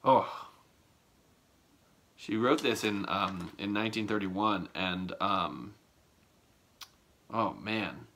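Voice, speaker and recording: A man teaching a casual poetry lesson as an English teacher, talking haltingly with many ums and restarts. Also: on the low side, a little hiss or hum. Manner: slow, relaxed delivery. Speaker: high school English teacher.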